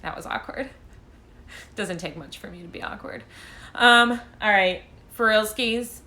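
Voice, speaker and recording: A woman's voice: mid-range voice, takes it slowly, pushed and bright. A woman tarot reader chatting casually on a phone live stream, rambling and self-deprecating as she answers viewer questions. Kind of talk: casual livestream chat.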